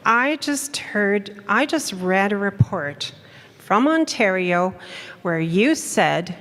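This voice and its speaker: A woman's voice: mid-range voice, lively intonation, slow, fairly bright tone, long reverb tail. A woman in the audience asking questions in an angry, accusing way with exasperated sighs.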